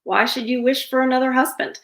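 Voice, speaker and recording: A woman's voice: high voice, fairly even intonation, a little fast, roomy sound, voice pushed up. A woman voicing a blunt wandering beggar musician in a read-aloud fairytale, speaking curtly.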